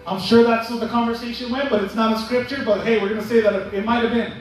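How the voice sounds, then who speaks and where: A man preaches in a church sanctuary, calling out for amens and acting out little scenes of dialogue. His voice sits unusually high. The recording is distant and drenched in the echo of a large hall. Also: steady tone, fast, soft background music. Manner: calls for amens, acts out imagined dialogue. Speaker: pastor. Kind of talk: sermon. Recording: echoey church hall from far off.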